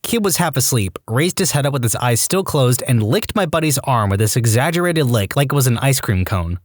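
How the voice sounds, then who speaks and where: Lively male story narrator, dry sound. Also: medium pitch, fairly quick, no room sound. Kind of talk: reading online stories aloud.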